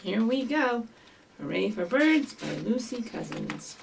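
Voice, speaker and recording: A woman leads children's story time, reading aloud in an unhurried, patient rhythm. Her higher voice swoops all over as she chirps bird calls and coaxes the little ones to join in. She sounds a little distant from the microphone. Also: creaky, a little hiss or hum. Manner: animated sing-song, with high bird calls and prompts to join in. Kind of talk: reading aloud and leading rhymes for young children. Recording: voice from some distance from the mic.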